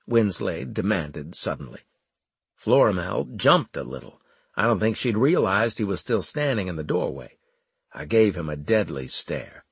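A man reads a first-person story in a steady, wry way. His voice is strongly raspy and husky, and his pitch sits in the low middle. The recording is dry and close. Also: moderate pace, dry recording. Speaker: audiobook narrator. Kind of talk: first-person scripted narration.

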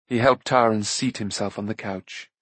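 Male audiobook narrator, husky voice, dry close sound, even telling. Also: on the low side, normal speed, dry recording. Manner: even, storytelling delivery. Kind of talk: scripted narration.

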